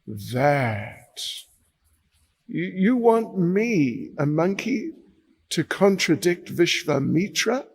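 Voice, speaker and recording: A man's voice: sing-song, drawn-out words, gravelly, husky, big-room sound, heavily acted. A man voicing a humble male monkey devotee who hesitates, then chants a name through tears. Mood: hesitant. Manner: chanting the name in a cracking high pitch.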